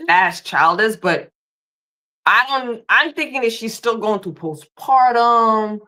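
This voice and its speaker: A woman's voice: fairly high pitch, lively intonation, takes it slowly, pushed and bright. Woman giving matter-of-fact recap takes. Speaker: podcast co-host. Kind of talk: live recap chat.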